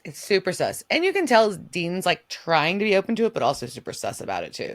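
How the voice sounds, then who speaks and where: Woman, podcast co-host, casual recap, animated, quotes characters, dry close sound. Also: lowish voice, brisk, few pauses, no room sound. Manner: animated, swearing, acts out characters' lines. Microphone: remote recording setup.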